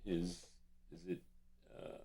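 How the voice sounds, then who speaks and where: Low-voiced chatty male record show host. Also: little pitch movement, slow, mellow, husky. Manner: rambling, chatty, chuckles at himself. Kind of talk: casual live DJ patter between records.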